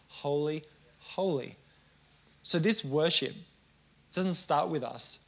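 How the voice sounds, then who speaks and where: A man preaching a sermon in a conversational, earnest way, with joking asides to the congregation. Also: fairly high pitch.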